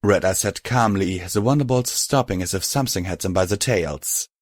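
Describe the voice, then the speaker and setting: Male audiobook narrator, lowish voice, dry close sound. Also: normal speed, no room sound. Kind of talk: scripted narration.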